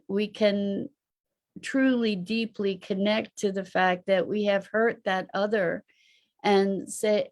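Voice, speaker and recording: A woman hosting a reflective live online talk, musing aloud and posing rhetorical questions. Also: medium pitch. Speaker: host and teacher.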